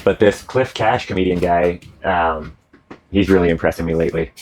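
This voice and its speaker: A man's voice: low voice, steady tone, moderate pace, a little mellow, slight background noise. A man hosting casual chat about comedy clips, rambling with many restarts, swearing and laughing. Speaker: host reacting to comedy clips.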